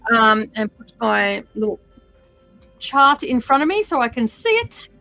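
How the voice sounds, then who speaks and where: A woman's voice: a little high, sing-song, a little slow, gravelly, sharp tone, dry recording, soft background music, poor audio. A woman hosting a stitch-along livestream, chatting casually with many fillers and drifting from the mic while she sorts threads.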